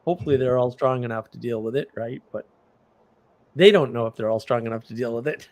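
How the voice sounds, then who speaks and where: A man's voice: mid-range voice, fast talker. A middle-aged man hosting a livestream, telling rambling stories in casual chat with bursts of laughter. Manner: rambling, animated storytelling with laughs. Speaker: livestream host.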